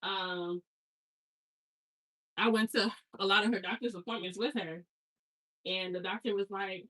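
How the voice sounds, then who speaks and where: Thirties woman vlogging while unpacking, talks in loose tangents w slang, sharp bright tone. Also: medium pitch, fairly even intonation, unhurried, long pauses, rough recording. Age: 30s. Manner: chatty, rambling storyteller with slangy asides. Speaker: hair stylist and vlogger. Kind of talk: casual chat while unpacking.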